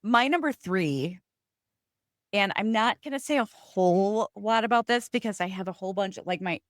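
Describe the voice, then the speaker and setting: A woman co-hosting a casual TV recap podcast, excitable and laughing often. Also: mid-range voice, normal speed, no echo, studio quality. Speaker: podcast co-host.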